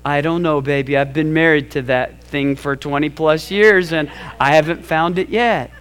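Brief: a teasing middle-aged wife, dropped low and dry, as a preacher puts her on. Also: moderate pace, fairly bright tone, clean tone, lightly acted.

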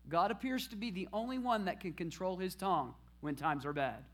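Man preaching a sermon, high-pitched, asks and answers his own questions. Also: a little fast. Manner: call-and-response preaching, rising to shouted praise at the end.

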